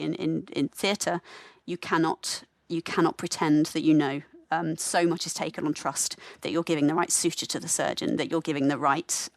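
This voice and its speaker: A woman with a softened English Midlands accent, a nurse talking candidly and reflectively as a podcast guest, often correcting herself mid-sentence. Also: deep voice, dry recording, clean studio sound. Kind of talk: relaxed podcast conversation.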